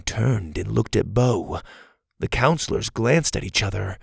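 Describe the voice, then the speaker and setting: A man giving scripted storybook narration in an even, clear storytelling delivery on a close studio mic. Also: on the low side, a little slow, dry recording. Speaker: audiobook narrator.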